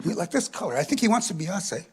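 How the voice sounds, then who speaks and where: A man's voice: high voice, big pitch swings, racing, darkish tone, breathy edge. A middle-aged man performing a chatty, self-mocking stand-up comedy set, tagging his lines with "eh". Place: live stage before an audience.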